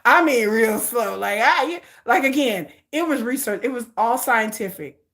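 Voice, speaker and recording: A woman's voice: fairly high pitch, lively intonation, a little slow, a bit bright. A woman vlogger chatting casually with her viewers, playful and laughing often.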